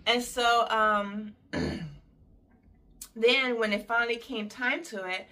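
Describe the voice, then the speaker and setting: A young woman tells a long personal story in a relaxed, chatty way, heavy on detail and small fillers. When she quotes people she leaps up in pitch and acts the lines out. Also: slow. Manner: animated, acts out quoted voices with big pitch jumps.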